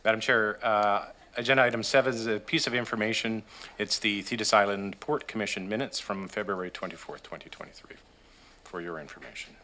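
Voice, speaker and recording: Bright-voiced man reading meeting motions. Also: fairly low pitch, fairly quick, a little hiss or hum. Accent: Canadian English. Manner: steady formal reading with occasional fillers. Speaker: staff member presenting agenda items. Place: council chamber.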